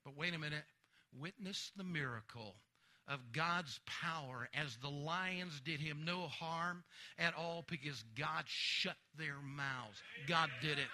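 Male revival preacher: very bright, piercing tone, fervent, swings between hush and shouting. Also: fairly high pitch, slow pace. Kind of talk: revival sermon. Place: church meeting.

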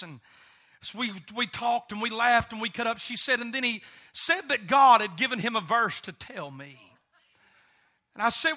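A man preaching a sermon through an animated personal story, with many "uh" fillers. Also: very high-pitched, moderate pace.

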